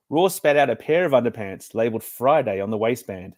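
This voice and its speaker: A man's voice: medium pitch, lively intonation, fast talker, few pauses. A man, a children's author reading his book aloud with playful storytelling.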